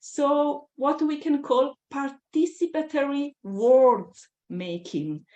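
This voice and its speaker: A woman's voice: high-pitched, a little mellow, dull audio. Woman lecturing in an echoey room. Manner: thoughtful, deliberate, emphatic on key ideas. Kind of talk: academic lecture. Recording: roomy echo.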